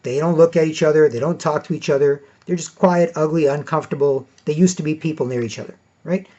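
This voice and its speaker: A man's voice: on the high side, quick pace, mellow. A man talking in a casual monologue as a podcast host, rambling and padding his points with "you know" and "right". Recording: dull lo-fi recording.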